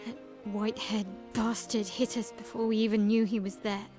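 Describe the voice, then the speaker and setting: A woman's voice: mid-range voice, level tone, normal speed, lightly acted. An actress voicing a determined young woman who wants to learn to fight, speaking earnestly. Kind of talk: video game dialogue. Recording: game audio with music score.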